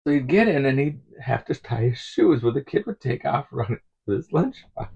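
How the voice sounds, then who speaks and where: A man's voice: medium pitch, sing-song, normal speed, creaky, darkish tone, breathy edge, lo-fi sound. A middle-aged man telling rambling stories in a casual vlog, chuckling often as he talks. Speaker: vlogger.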